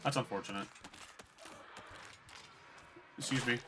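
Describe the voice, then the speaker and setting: A man's voice: medium pitch, measured pace, fairly bright tone, slight background noise. A young man streaming a video game, chatting bluntly and with swearing to his viewers as he plays. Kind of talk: casual gameplay commentary.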